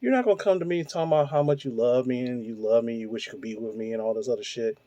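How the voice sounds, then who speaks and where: A man's voice: mid-range voice, fast talker, dark tone, no room sound, muffled recording. A man in his forties hosting his own show, delivering a blunt, profane, heated rant full of rhetorical questions. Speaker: host. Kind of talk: ranting monologue.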